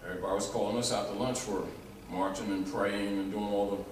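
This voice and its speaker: A man giving an animated, rambling informal lecture to a small group, restarting his sentences as he goes. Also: lowish voice, brisk. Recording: echoey room, mic far off, faint noise.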